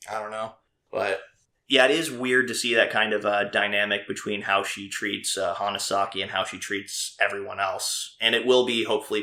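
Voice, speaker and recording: A man with a slightly low but bright voice, musing hesitantly in a casual podcast chat. Each line rings with a noticeable room echo. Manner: hesitant, filler-heavy musing. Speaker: podcast co-host. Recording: roomy echo.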